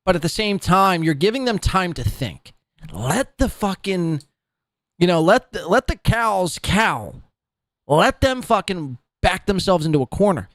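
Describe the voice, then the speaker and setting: A man's voice: high voice, big pitch swings, unhurried, fairly bright tone, no room sound, studio quality. A man hosting a podcast, ranting sarcastically and with a lot of swearing as he reacts to clips. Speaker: podcast host.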